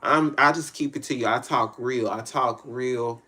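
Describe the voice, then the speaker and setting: A man with a Southern US accent speaks at an ordinary mid pitch in a loose, rambling monologue. His talk is blunt, slangy and full of curses, and he circles back to repeat himself. He sounds like a spiritual reader talking straight to his viewers. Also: normal speed, pushed and bright.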